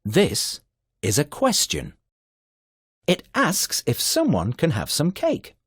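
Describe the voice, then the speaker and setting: A man narrating a children's grammar video in a slow, sing-song scripted style with a husky voice. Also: fairly high pitch, huge pitch swings, dry recording, clean studio sound.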